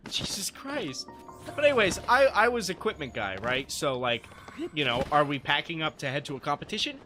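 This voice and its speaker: Animated, swearing young man streamer. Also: a little high, a little fast, soft background music. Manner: animated, swears freely, laughs often. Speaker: live streamer. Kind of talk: casual storytelling to live chat.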